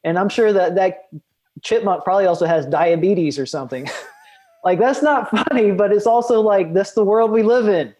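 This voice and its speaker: A young man with a mellow, warm voice that sits a bit high for a man. He talks in a loose, rambling way, trailing off and restarting as he explains things on a podcast. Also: moderate pace. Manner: rambling, many fillers and restarts. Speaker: guest outdoor educator. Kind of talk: casual podcast chat.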